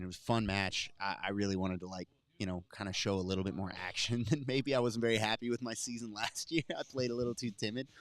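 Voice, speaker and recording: A man's voice: lowish voice, clean tone, no room sound. A man, a grappling commentator, telling a story in casual post-show chat with laughs.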